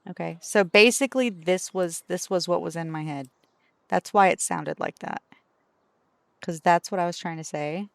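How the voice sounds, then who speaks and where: A woman's voice: lowish voice, moderate pace, vocal fry, dry recording. A woman streaming as a VTuber, chatting casually and playfully with her viewers in a teasing, talkative way.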